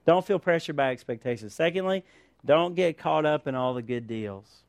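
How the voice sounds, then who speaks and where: A man's voice: on the high side, animated, moderate pace, creaky, dry recording. A man preaching a sermon, firing rhetorical questions and calling for an amen from the congregation. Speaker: pastor.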